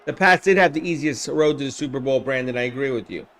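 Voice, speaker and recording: A man hosting a live game simulation stream, calling plays with excitement, shouting on big plays and chatting with viewers by name. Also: medium pitch, fast. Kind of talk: live play-by-play commentary with chat replies.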